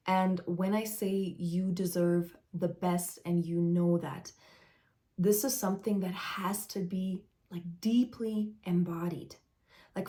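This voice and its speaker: Woman spiritual coach, slow and earnest, lowish voice, improvised live talk full of "like" fillers. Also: dark tone. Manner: earnest, searching for words, frequent "like" fillers. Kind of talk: unedited stream-of-consciousness live talk.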